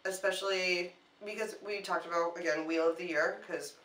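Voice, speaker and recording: A woman co-hosting a casual chat, animated and often restarting her sentences. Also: lowish voice, normal speed. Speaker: co-host. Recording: echoey room, mic at a distance.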